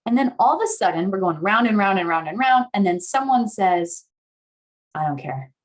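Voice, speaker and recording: A woman's voice: expressive, a little fast. A young adult woman giving a casual teaching talk on somatic therapy, acting out inner voices as she explains. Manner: casual, uses "like" a lot, acts out inner voices with big swings in pitch and loudness. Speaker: guest speaker on somatic therapy. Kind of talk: teaching talk with acted examples.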